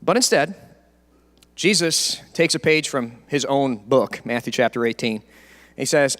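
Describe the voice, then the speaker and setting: A man's voice: medium pitch, lively intonation, measured pace, a bit bright. A man preaching a casual, joking sermon as pastor. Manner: casual, joking, acts out quotes. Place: church sanctuary. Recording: long church reverb.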